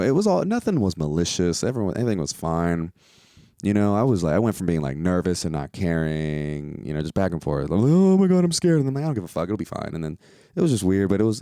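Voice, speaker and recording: A man, a stand-up comedian hosting his own podcast, rambles through a casual, profane monologue and now and then jumps into playful high-pitched outbursts. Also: creaky, dark tone, no echo, clean studio sound.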